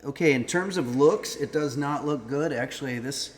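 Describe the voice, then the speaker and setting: A man's voice: medium pitch, normal speed, slight background noise. A man hosting a live-stream cooking lesson, chatting casually, frank and self-mocking, swearing now and then.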